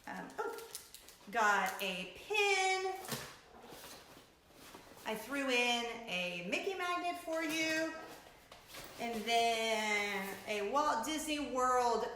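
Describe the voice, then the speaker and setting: A woman in her forties hosting a casual vlog, telling a story in an animated, dramatic way and laughing often. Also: fairly high pitch, extremely slow, pauses often, a little hiss or hum. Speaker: vlogger host. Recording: very echoey room.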